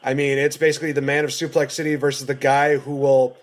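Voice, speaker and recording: A man co-hosting a casual wrestling reaction show, chatting excitedly with bursts of laughter. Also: mid-range voice, fast. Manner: excited, laughing, playful impressions. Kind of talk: casual chat.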